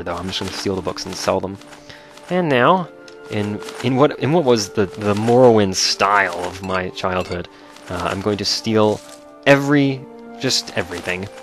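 A man giving excitable, joking commentary while playing a video game. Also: lowish voice. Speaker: let's play host. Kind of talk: casual gameplay commentary.

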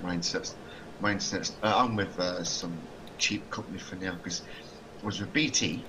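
A man's voice: low voice, moderate pace, background noise. A man joining a live stream as a guest, chatting casually and laughing easily. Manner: laid-back, laughs easily. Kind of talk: casual chat.

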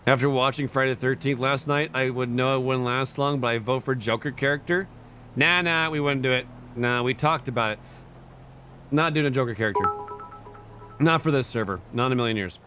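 A man's voice: medium pitch, brisk, pushed and bright, soft background music. A young man streaming live, chatting casually, chuckling and thanking his chat. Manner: laid-back, chuckling, reads and thanks chat.

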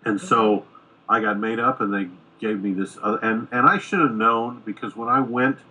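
A middle-aged American screenwriter telling a lively anecdote in a podcast interview, acting out the quoted dialogue. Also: male voice, lowish voice, moderate pace, husky, muffled recording. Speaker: screenwriter guest. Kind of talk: casual storytelling in a podcast interview.

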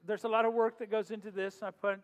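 Hosting a worship night in a church sanctuary, a high-voiced male pastor talks fast with a flat delivery, mixing chatty jokes and frequent laughter with prayer. Long hall reverb and faint music fill the recording.

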